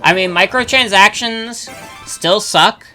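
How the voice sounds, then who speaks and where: Bright, rambling young game streamer. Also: medium pitch, slow pace, faint music behind. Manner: rambling, filler-heavy, swears freely. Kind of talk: casual chat while gaming, reading chat.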